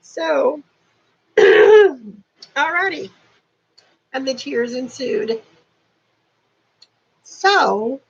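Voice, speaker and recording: A woman's voice: high voice, lively intonation, extremely slow, pauses often, dull audio. A woman in her fifties chatting casually to camera at home, dropping dry sarcastic asides. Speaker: beauty vlogger. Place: warm apartment at home.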